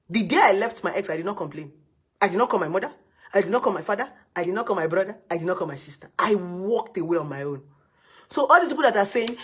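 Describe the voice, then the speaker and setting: A woman's voice: on the low side, lively intonation, quick pace, husky. A woman giving blunt relationship advice, repeating her points and scolding her listeners. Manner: repetitive, scolding, drills points by repeating words. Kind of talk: emphatic advice talk.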